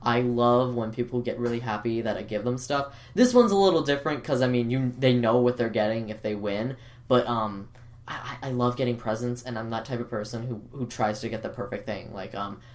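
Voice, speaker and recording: A man's voice: mid-range voice, fairly quick. A man co-hosting a casual podcast, earnest and apologetic, often stammering and restarting his sentences. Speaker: podcast co-host.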